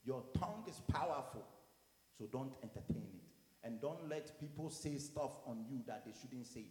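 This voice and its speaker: A man who is a pastor preaching a sermon, animated, going from quiet to loud and acting out what people say. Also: medium pitch, moderate pace, reverberant, long reverb tail. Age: adult with children. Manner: animated, swings from quiet to loud, acts out quotes.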